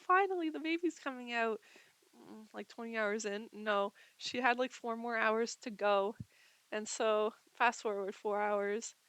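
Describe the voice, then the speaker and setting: Chatty woman with a gravelly edge. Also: on the high side, fairly bright tone, no echo. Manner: chatty, heavy use of filler words. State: sick, tired lungs. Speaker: vlogger. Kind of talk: casual storytelling. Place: at home.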